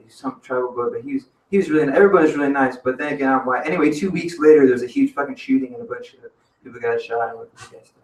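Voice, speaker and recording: Rambling man, casual storyteller full of swearing and slang, mic at a distance in an echoey cafe. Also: mid-range voice. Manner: profane, rambling, peppered with "man" and "dude". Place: cafe open mic stage. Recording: roomy venue audio from a distance.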